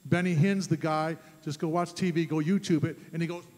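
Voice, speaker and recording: A man preaching a sermon as pastor, emphatic, rising to loud fervent peaks. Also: a little high, steady tone, a little fast. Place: church sanctuary. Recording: long church reverb.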